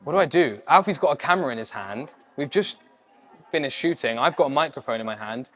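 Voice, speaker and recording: This is a young man, chatting casually as a podcast guest. His voice sits at an average pitch for a man. He tells his story with energy, and his pitch leaps up whenever he acts out someone's words. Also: fast. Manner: animated, acts out quoted voices with sudden pitch jumps. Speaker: podcast guest, social media creator.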